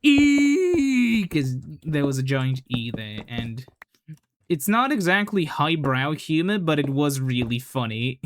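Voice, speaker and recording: Slow-talking man rambling over gameplay. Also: mid-range voice, lively intonation, fairly bright tone, slight background noise. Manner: rambling, laid-back, swears casually, many fillers. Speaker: gaming channel host. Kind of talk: casual gameplay commentary.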